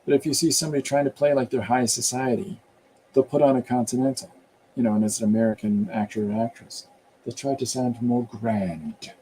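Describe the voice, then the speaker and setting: A man's voice: medium pitch, steady tone, fairly quick, warm tone, slight background noise. A man casually chatting on a live stream, rambling about accents and reading viewer comments aloud as he goes. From Canada. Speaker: comic artist hosting a live stream.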